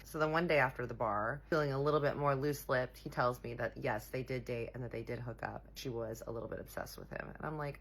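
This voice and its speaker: A young woman telling a personal story in a sassy, animated way, talking straight to her viewers. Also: a bass voice, quick pace, few pauses, slightly rough. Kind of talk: casual storytime.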